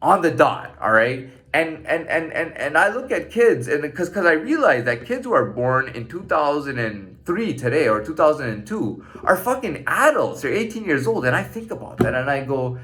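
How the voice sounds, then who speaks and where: A man in his thirties rants with a swooping, animated pitch that sits a bit high. He swears constantly and stumbles over repeated restarts. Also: normal speed, few pauses. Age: 30s. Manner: profane, animated, stammering restarts. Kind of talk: casual rant monologue.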